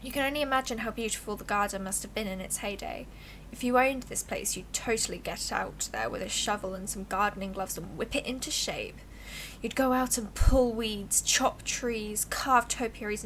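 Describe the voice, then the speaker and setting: A woman reading a visual novel aloud on a livestream, with lively asides between the narration. Her voice sits a little high, with faint noise in the background. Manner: animated, reads narration aloud and reacts with quick asides. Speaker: streamer.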